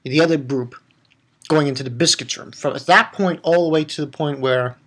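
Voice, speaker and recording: A man rambles excitedly through a review of an anime episode, tripping over names and leaping up into high squeals. He talks at a normal speed.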